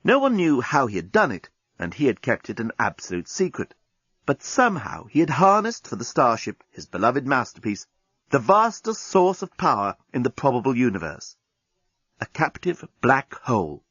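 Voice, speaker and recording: A husky man reads a comic novel aloud with a wildly animated lilt. His voice sits mid-pitch. The recording is dull and dry. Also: moderate pace, no echo. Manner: lively comic storytelling. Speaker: audiobook narrator. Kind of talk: scripted narration.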